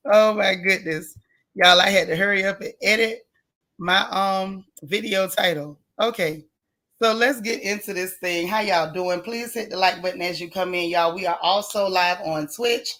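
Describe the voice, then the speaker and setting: A woman's voice: mid-range voice, measured pace, a bit bright. Folksy woman with a strained voice. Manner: folksy, chatty, greets viewers one by one. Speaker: livestream host. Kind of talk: casual live-stream chat.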